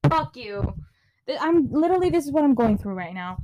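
A teenage girl with a high, sing-song, mellow voice talks fairly quickly on her own podcast, with slight background noise. Recording from a small bedroom, she chats casually, swears often, and suddenly exclaims in frustration.

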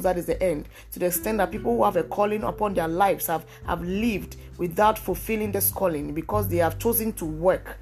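A woman's voice: lowish voice, darkish tone. Emphatic woman preaching a podcast sermon. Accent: African English. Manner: emphatic, repeats key phrases.

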